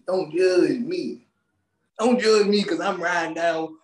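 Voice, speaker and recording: A man co-hosting a podcast, ranting loudly with swearing and frequent laughter, speaking. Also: sits high, takes it slowly, echoey room. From Maryland, USA. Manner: loud, animated, swearing, laughing often. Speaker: podcast co-host. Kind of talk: casual comedic rant.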